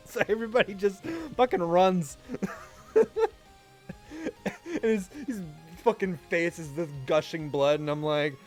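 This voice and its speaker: A man's voice: fairly high pitch, normal speed. A young man streaming live, telling a story casually with lots of swearing and laughter. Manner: animated, profane, laughing often. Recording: faint music underneath. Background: faint music.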